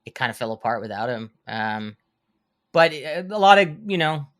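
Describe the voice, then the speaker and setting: A man in his thirties, a horror filmmaker and guest on a casual podcast, telling animated anecdotes with frequent restarts and stammers. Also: mid-range voice, moderate pace. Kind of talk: casual podcast conversation, storytelling.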